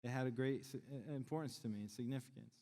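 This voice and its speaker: A deep-voiced pastor delivers a sermon in a large church sanctuary, speaking fast in a mellow tone. He's conversational and jokes with the congregation, and the long church-hall reverb rings around him.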